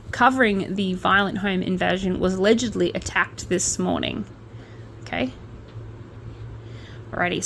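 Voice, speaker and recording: A woman's voice: medium pitch, slight background noise. A woman hosting a casual true-crime podcast, blunt and opinionated, with swearing and jokey asides. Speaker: podcast host.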